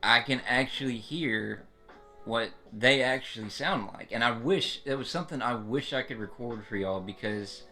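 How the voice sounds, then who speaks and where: Guy rambling on a stream, lots of like and you know, bright voice, faint music in the back. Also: mid-range voice, moderate pace. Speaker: streamer describing his experience. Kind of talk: casual live-stream chat.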